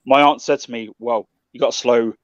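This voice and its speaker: A man's voice: medium pitch, fairly even intonation, a little fast, no echo, muffled recording. A man from South London with a London accent, chatting casually and telling stories, laughing often and swearing now and then. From South London, England. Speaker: guest Londoner advising traveling fans. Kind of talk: casual chat.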